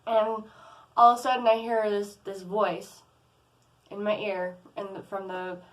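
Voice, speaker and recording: A woman's voice: medium pitch, flat delivery, measured pace, rough recording. A young adult woman vlogging, telling a personal story in a casual, rambling way, with many fillers and restarts. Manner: rambling, lots of "like" and "um", restarts often.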